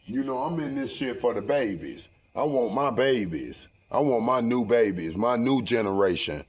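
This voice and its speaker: A man's voice: medium pitch, lively intonation, moderate pace, husky, low-quality recording. A man in a casual, profane monologue, rambling and preachy with heavy slang. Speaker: vlogger.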